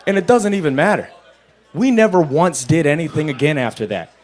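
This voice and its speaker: A young adult man doing a stand-up set at a bar open mic, telling stories in a dry, level voice and breaking into loud acted-out quotes. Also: a little high, very animated, a little fast, faint music behind. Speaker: stand-up comedian.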